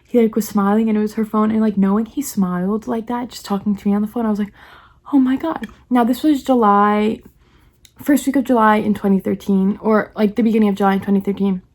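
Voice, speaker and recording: Fast-talking young woman telling a story. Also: mid-range voice, fairly even intonation, darkish tone. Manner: rapid, chatty, heavy use of "like", acts out quoted lines. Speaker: vlogger. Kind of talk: excited storytelling vlog.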